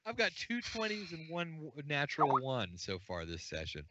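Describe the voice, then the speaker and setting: A man running an unscripted tabletop game as game master, narrating in a plain, halting way with lots of fillers. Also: on the high side, wildly swooping pitch, pushed and bright, lo-fi sound, slight background noise.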